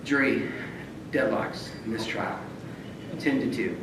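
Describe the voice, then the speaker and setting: A middle-aged man, a judge being honored, gives a banquet speech full of self-deprecating stories, chuckling often and starting sentences over. His mid-range voice moves slowly with fairly even intonation. The distant mic catches heavy echo from the hall and room noise.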